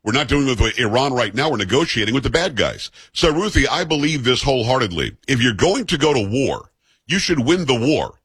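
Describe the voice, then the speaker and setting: A man's voice: medium pitch, very animated, a little fast, a bit bright, slightly rough, dry recording. A man hosting a radio talk show, arguing his opinions emphatically and repeating himself as he builds a point.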